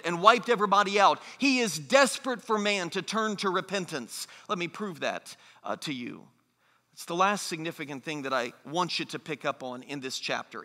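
A man's voice: high-pitched, sharp tone. A man from the United States preaching a sermon as pastor, earnest and emphatic, slipping into mocking quoted voices. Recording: long hall reverb.

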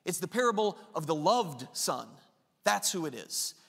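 A man preaching with a high, bright, ringing voice. He delivers the sermon with passion and acts out quoted lines with rising force. His words carry a long reverb from a large hall. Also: big pitch swings, normal speed, creaky, husky. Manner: impassioned, acts out the father's lines with rising intensity. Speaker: pastor.

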